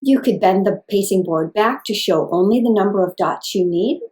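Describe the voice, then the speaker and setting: A woman speech-language pathologist giving calm, clear, scripted instructions for parents. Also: medium pitch, normal speed.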